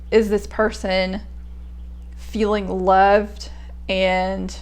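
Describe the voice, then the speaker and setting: A young woman talks through a poem at a slow, unhurried pace, thinking aloud with plenty of fillers and false starts. Her voice has a gravelly, creaky edge, and she sounds casual rather than scripted. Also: medium pitch. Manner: thinking aloud, hesitant, many fillers and restarts. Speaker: poetry reader and commentator. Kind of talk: casual spoken poetry analysis.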